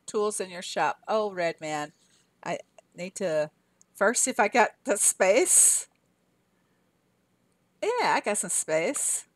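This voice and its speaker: Chatting casually on her live stream, an older Arkansas woman with a Southern accent laughs often and reads replies to her chat aloud. Her medium-pitched voice is expressive and slow, pausing often, in a dry recording.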